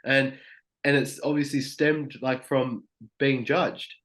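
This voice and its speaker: A man's voice: mid-range voice, fairly even intonation, takes it slowly, fairly bright tone. A young man guest talking casually and openly, peppering his speech with "like" and frequent swearing. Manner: loose, heavy on "like" and swearing. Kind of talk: casual podcast chat.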